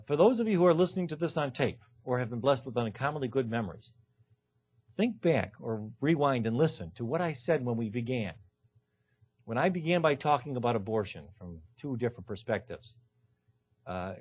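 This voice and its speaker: A man gives a law lecture to a live audience, with punchy, emphatic delivery and dry self-mocking asides. His voice is husky and mid-pitched. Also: darkish tone. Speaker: law professor. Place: lecture hall.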